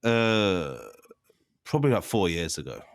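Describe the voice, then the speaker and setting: A man, a podcast guest telling sweary anecdotes in a relaxed way. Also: low-pitched, normal speed, dry recording, clean studio sound. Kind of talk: casual chat.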